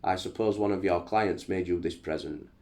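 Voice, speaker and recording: A man with a low voice reading the lines of a jovial, mocking male emperor in a read-aloud history passage, his pitch slightly raised. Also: moderate pace, gravelly, mellow. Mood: teasing.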